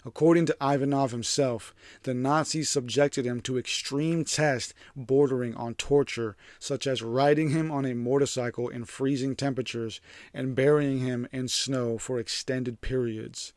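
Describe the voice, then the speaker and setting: A man's voice: mid-range voice, fairly even intonation, moderate pace, darkish tone, no echo, clean studio sound. A man hosting, reading a scripted narration and breaking into irreverent, profane, jokey asides. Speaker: host. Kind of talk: casual commentary over a scripted narration.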